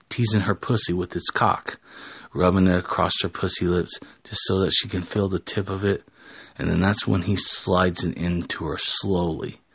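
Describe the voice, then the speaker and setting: A man with a low, husky voice narrates an improvised story in a relaxed, casual way. He often restarts and corrects himself mid-sentence, and his voice sounds dry and close to the mic. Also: dry recording. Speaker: storyteller and show host.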